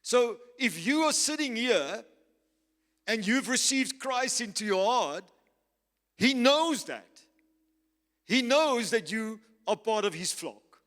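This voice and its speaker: A male pastor preaching a sermon, slow and emphatic, repeating key phrases. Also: very high voice, animated, fairly bright tone. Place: church. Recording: reverberant church hall with faint music.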